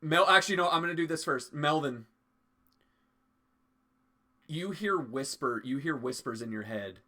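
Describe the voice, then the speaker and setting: Bright-voiced male game master. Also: medium pitch. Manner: relaxed, with fillers. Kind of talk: narrating a tabletop game.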